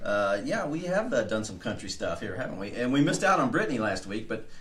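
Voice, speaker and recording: Easygoing local talk-show host. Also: male voice, medium pitch, sing-song, a little fast, fairly bright tone, recorded from a distance.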